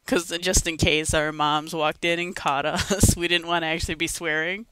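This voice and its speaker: A woman's voice: deep voice, steady tone, normal speed, a bit bright, clean tone, dry recording. A young woman co-hosting a casual gaming podcast, giggly and self-mocking. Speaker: podcast co-host.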